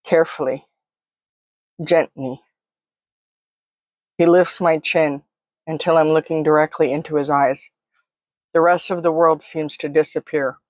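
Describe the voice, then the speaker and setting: A woman's voice: low voice, fairly even intonation, unhurried, pauses often, a little mellow, no echo. A woman telling a first-person story in a vivid, present-tense, close way. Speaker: narrator.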